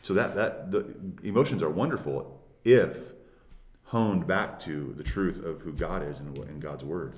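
A very low-voiced man talking about scripture in a relaxed, conversational way. He is earnest and emphatic, and he leans hard into the verses he quotes. The room around him rings with echo. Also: a little slow. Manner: earnest, emphatic, acts out psalm quotes with rising force. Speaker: co-host of a Christian discussion. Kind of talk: casual chat about scripture. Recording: roomy echo.

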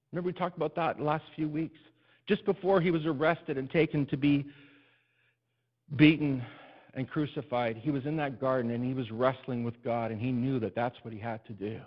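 A pastor telling a personal story in a sermon, building to emphatic, repeated refrains. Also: male voice, mid-range voice. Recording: dull lo-fi recording.

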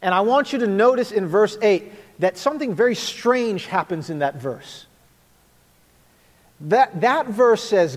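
A man preaching a sermon as pastor, earnest, then dropping to a quiet prayer. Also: high voice, lively intonation, takes it slowly, in a large hall. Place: church sanctuary.

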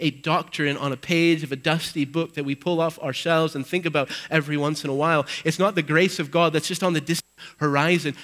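A man with a fairly high voice preaches an Easter sermon in a church. His delivery swings from forceful, ringing emphasis down to quiet, low-key stretches, and he reads scripture aloud with dramatic weight. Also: low-quality recording. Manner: dynamic preaching, swinging from loud emphasis to hushed low passages. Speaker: pastor.

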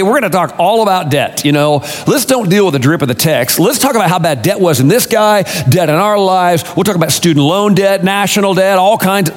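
A man preaching a casual, conversational sermon, full of rhetorical questions and self-corrections. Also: on the high side. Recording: long reverb of a large hall.

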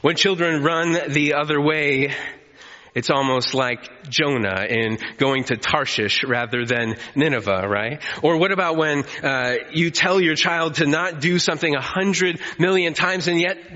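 A man preaching a sermon as pastor, animated, acting out pleading quotes. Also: on the high side, unhurried. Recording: muffled sound in a reverberant hall.

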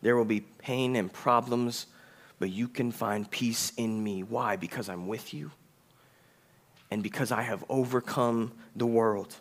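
A male pastor preaching a conversational sermon, reading scripture aloud, asking the congregation questions and slowing down for emphasis. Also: medium pitch, fairly bright tone.

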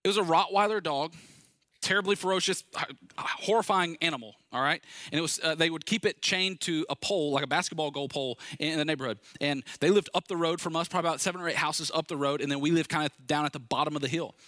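A man's voice: on the high side, fast, sharp tone, dry recording. A man preaching a sermon, telling personal stories in an earnest, conversational way that builds to urgent appeals. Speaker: pastor.

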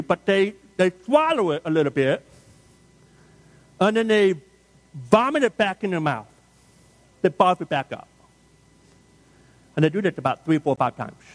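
A middle-aged man preaching a sermon, shifting into conversational, humorous storytelling and asking the congregation questions. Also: high-pitched. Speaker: pastor.

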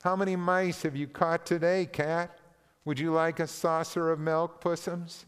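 A man's voice: on the high side, flat delivery, a little slow, smooth, big-room sound, pitched above the performer's own voice, natural voice. A man voicing a jeering mob of cruel fantasy creatures, mocking and taunting, while reading a story aloud in a sermon.

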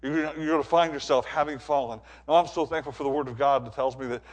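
A man preaching a sermon, animated, swinging between quiet stretches and loud, emphatic builds, often repeating words as he presses a point. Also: medium pitch, fast.

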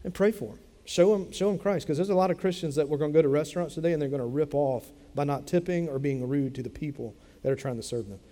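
A man's voice: on the high side, fast talker, hardly any pauses, dark tone, big-room sound. A man preaching a sermon as a pastor, speaking in a conversational way and repeating phrases for emphasis. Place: church sanctuary.

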